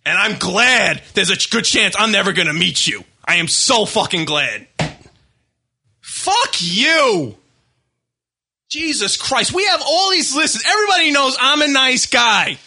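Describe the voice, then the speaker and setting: A radio show host, a man, delivering a furious, profane, shouting rant on live comedy talk radio. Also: extremely high pitch, big pitch swings, measured pace. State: enraged.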